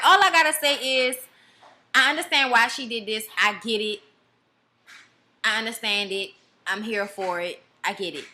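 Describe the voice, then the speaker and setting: A woman's voice: a little high, sharp tone. A woman giving a blunt, profane and sassy casual review of a reality show.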